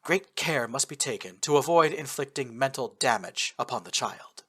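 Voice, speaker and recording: A man voicing a calm, formal male soldier who speaks in a measured, grave way. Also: mid-range voice, husky.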